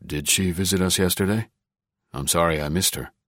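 A man voicing a tall, guarded neighbor who speaks calmly, politely and a little dryly. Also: sits low, normal speed, no echo. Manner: calm, polite, dry and dubious.

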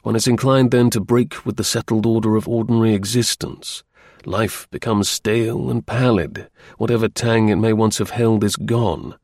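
Narrating a novel for an audiobook, a man speaks from a script in an unhurried, even storytelling manner. His voice is on the lower side, and the clean studio recording carries no room sound.

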